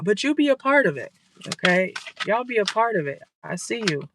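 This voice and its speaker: A woman's voice: medium pitch, big pitch swings, normal speed. A woman giving a casual tarot reading from her car, blunt and scolding, swearing freely, with a stuffy nose. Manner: blunt, scolding, profane, chatty. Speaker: tarot reader. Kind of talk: casual direct-to-camera reading. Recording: noticeable background noise.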